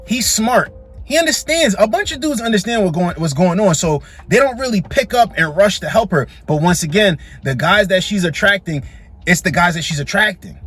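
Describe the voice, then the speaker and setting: A man's voice: sits high, animated, moderate pace, fairly bright tone, slightly rough, faint music behind. A man hosting a reaction video, talking in a blunt, mocking way as he comments on clips.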